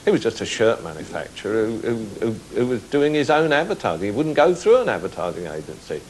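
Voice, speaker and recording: A man's voice: medium pitch, sing-song, fast talker, a little mellow, slight background noise, low-quality recording. A man recalling old advertising clients in an interview, stumbling and repeating words as he goes. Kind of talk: interview recollection.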